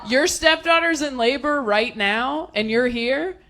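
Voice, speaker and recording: A woman's voice: high voice, noisy background. Sarcastic woman doing stand-up. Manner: quick, sarcastic, laughing asides. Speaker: stand-up comedian. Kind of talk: stand-up comedy with crowd work. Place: large theater with audience. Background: audience laughter.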